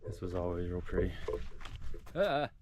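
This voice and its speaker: A man's voice: deep voice, very animated, moderate pace, noisy background. A man with a Southern American accent, tired and sore, chatting to the camera as he vlogs a long hike outdoors on a forest trail. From southern United States. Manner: chatty, talking to the camera while hiking. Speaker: hiking vlogger. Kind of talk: casual vlog narration on the trail.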